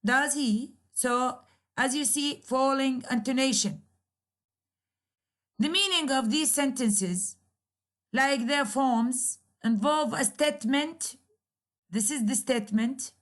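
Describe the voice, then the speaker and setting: A university English lecturer, a woman whose first language is Arabic, walks through grammar at a slow, deliberate pace. Her voice sits high, and she circles back over each point with small hesitations and repeated phrases.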